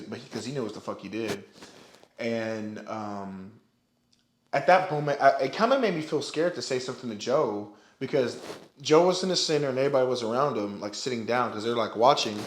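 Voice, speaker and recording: A man's voice: medium pitch, expressive, a little fast, slight background noise. A young man telling a personal story to the camera, rambling with many restarts and "like" and swearing now and then. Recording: roomy echo.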